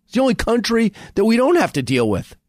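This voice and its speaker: A man who is a radio host, speaking as a guest in a fast, emphatic political talk conversation full of restarts. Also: high-pitched, huge pitch swings, darkish tone, dry recording, clean studio sound. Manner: rapid, emphatic, frequent restarts.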